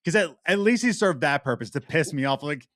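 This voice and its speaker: A man co-hosting a podcast, chatting casually about a game, animated and swearing freely with loud outbursts. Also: on the high side, brisk, no echo. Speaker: podcast co-host. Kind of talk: casual game review chat.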